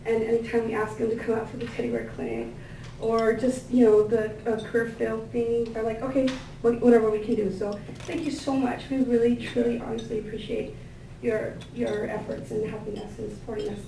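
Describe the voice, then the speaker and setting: A woman's voice: a little high, a little fast. Gushing woman speaking in an echoey hall. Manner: warm, gushing, rambling with many fillers. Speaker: event organizer introducing staff and guests. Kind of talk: thank-you speech at a gathering. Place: large indoor room with tables. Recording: echoey room, picked up from a distance, faint ambient noise.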